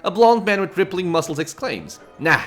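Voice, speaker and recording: Man narrating a game, lively voice. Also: fairly high pitch, fairly quick, faint music behind. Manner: reads narration aloud with asides and self-corrections. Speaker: let's play host. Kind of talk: casual game commentary, reading game text aloud.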